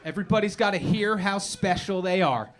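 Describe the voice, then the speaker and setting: A man from New Jersey doing a stand-up comedy set, sarcastic and animated, with mock-outraged asides. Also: high-pitched, fairly quick, a crowd in the background. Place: comedy club stage, live audience. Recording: live club recording with audience noise.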